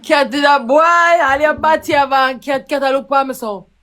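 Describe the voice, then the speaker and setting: A woman's voice: sits high, moderate pace, fairly bright tone. A Jamaican woman trading playful, teasing jokes in patois on a live call. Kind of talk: joking patois banter.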